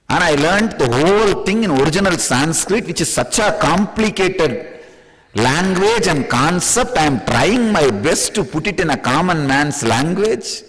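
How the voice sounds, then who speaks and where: Indian-accented male spiritual teacher, high animated delivery, playful and laughing, long reverb of a hall. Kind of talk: spiritual discourse.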